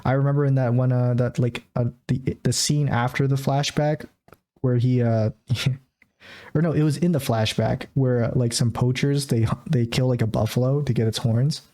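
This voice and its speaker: Male podcast co-host, mellow and relaxed tone, chatty and meandering while recapping a movie. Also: medium pitch, normal speed. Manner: rambling, filler-heavy storytelling with frequent laughs. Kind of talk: casual movie review chat.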